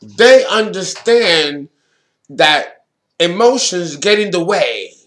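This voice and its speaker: A man giving a solo astrology talk as an astrologer, deliberate and emphatic, blunt and sometimes swearing. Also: high voice, expressive, fairly bright tone.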